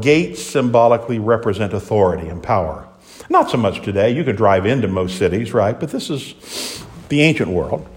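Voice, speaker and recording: A fairly low-pitched man preaches, bringing biblical characters to life through their voices. His delivery jumps between loud outbursts and hushed asides.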